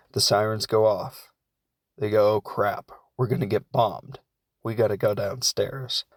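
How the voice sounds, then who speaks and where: A young man casually recapping a film plot in a rambling comedic way, slipping into quick asides for the characters. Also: on the low side, no room sound, clean studio sound.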